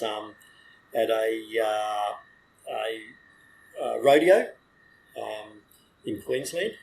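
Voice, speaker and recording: A man's voice: mid-range voice, a little hiss or hum, low-quality recording. An older Australian man, a retired police dog handler, telling rambling, self-correcting stories in casual chat and swearing freely.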